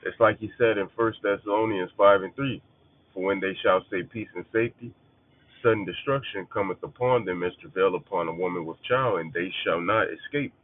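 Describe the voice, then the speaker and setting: A man's voice: low-pitched, a little fast, no room sound. Blunt preacher man on a tinny line. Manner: blunt, profane, emphatic repetition. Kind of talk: casual scripture teaching. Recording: phone-like narrow band.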